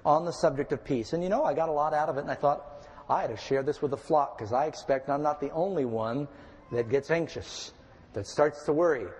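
A man preaching a measured sermon, reading scripture with feeling. His voice sits a little high for a man. It rings out in a hall with a long reverb tail. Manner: calm, measured Bible teaching with dramatic readings. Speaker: pastor.

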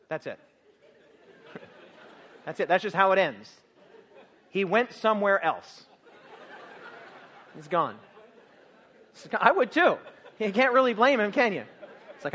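A man preaching a sermon, lively and jokey, acting out scenes and laughing often. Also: high-pitched, moderate pace, long pauses, a faint crowd.

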